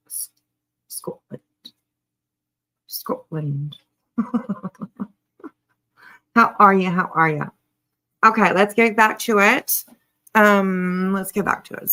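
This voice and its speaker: Woman streamer with a gravelly edge, sarcastic and chatty. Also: medium pitch, a bit bright. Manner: sarcastic, chatty, greets viewers. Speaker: commentary streamer. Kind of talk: casual live commentary.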